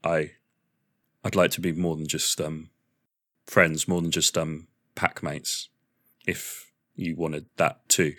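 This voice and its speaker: A man's voice: a bass voice, little pitch movement, a bit bright, no echo, clean studio sound, voice pushed down, exaggerated voice. A man voicing a shy bear who hesitantly confesses feelings to a packmate in a tabletop role-play. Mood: shy, tender. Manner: halting, hesitant with pauses.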